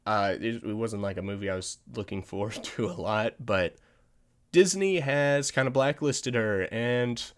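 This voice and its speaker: A man's voice: fairly low pitch, measured pace. A man hosting a podcast, chatting casually about movie news in a rambling way, restarting sentences and chuckling at himself. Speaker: podcast host.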